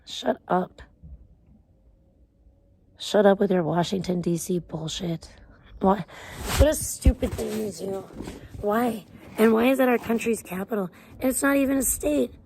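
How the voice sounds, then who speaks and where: A woman's voice: medium pitch, unhurried, creaky, long pauses, darkish tone, a little hiss or hum. A woman live streamer in casual chat, rambling and ranting with plenty of swearing.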